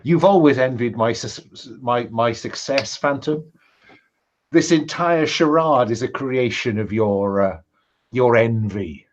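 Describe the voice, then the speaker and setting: A man's voice: mid-range voice, slow pace, lightly acted. A man voicing a scheming villain called the Reaper in a tabletop game, speaking slyly, mockingly and theatrically. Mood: haughty.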